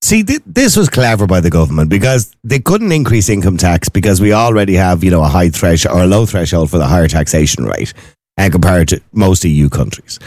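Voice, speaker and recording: Fast, animated Irish radio host, man. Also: low-pitched, no room sound, studio quality. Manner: opinionated, storytelling, animated. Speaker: radio talk show host. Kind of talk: talk radio chat.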